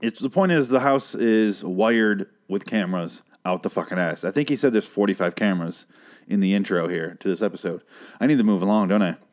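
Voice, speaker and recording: A man with a fairly low voice rambles through a TV episode recap, swearing freely and mocking the characters with dry sarcasm. He talks into a microphone he holds in his hand. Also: brisk, a little mellow. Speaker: podcast host recapping a TV episode. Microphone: handheld microphone.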